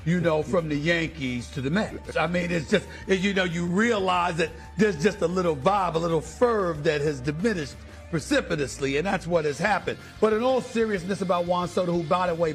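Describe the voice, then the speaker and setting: A man hosting a studio sports debate, speaking emphatically and repeating phrases for stress. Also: fairly high pitch.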